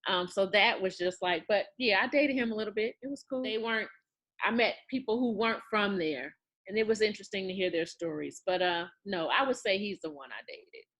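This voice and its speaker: A woman interview guest answering hesitantly, with pauses and light laughter. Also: mid-range voice, a bit bright. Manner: hesitant, many fillers and restarts, laughs.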